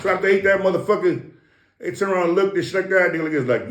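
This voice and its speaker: A man's voice: high voice, quick pace, reverberant. A middle-aged man telling boastful, profane stories in a casual interview. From Samoan American. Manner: profane, boastful, animated storytelling. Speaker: interview guest.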